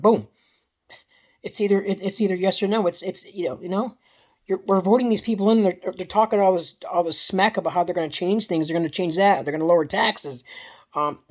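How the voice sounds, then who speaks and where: Woman, low voice, profane, repetitive vlog ranter. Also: darkish tone. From Canada. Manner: heated, profane, repetitive, with many restarts. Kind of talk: casual political rant vlog.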